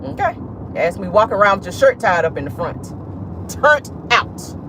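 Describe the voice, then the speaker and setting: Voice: mid-range voice, big pitch swings, moderate pace. A vlogger in a car giving casual, bawdy celebrity-gossip commentary with laughing asides and lots of "honey" and "child.". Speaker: vlogger host. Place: parked car. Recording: noisy car interior.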